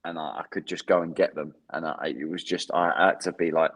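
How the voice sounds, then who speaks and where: A man in his thirties with an English accent and a very deep voice, chatting as a guest on a podcast. He laughs often, trips over his words and starts sentences over. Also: fairly even intonation. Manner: laughs often, self-deprecating, halting restarts. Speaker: guest, former footballer. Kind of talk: casual interview chat.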